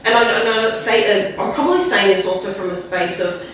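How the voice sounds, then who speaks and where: A woman guest telling a candid personal story in a rambling, halting way, often tagging lines with "right?". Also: medium pitch, steady tone, a bit bright. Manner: rambling, tag questions like "right?"; halting, restarts when emotional. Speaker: podcast guest. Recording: very echoey room, distant mic, faint noise.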